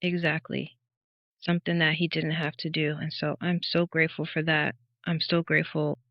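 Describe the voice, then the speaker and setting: A woman's voice: low-pitched, level tone, moderate pace, dry recording. Earnest woman telling her testimony. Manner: reflective, earnest storytelling. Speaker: interview guest sharing her testimony. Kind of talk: conversational personal testimony. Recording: dull, slightly muffled audio.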